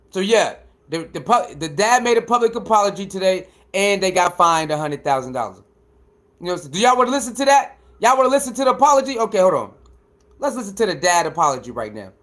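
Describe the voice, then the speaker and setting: High-voiced man chatting to his stream. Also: a bit bright. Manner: chatty, repeats himself, talks straight to viewers; heated when answering a critic. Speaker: livestream host reading chat. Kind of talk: casual live commentary.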